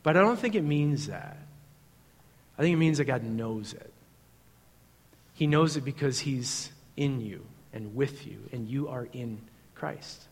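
A man preaching a sermon. He talks in a conversational way and swings from loud to hushed, intimate passages. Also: medium pitch, normal speed. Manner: conversational with fillers like "um" and "like". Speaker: pastor. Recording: long hall reverb.

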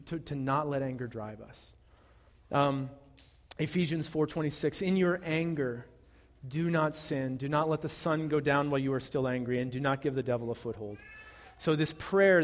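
A pastor preaches in a loose, conversational way, often restarting his sentences. His voice sits on the higher side for a man. The sound carries a long hall reverb, as in a church sanctuary. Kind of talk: sermon.

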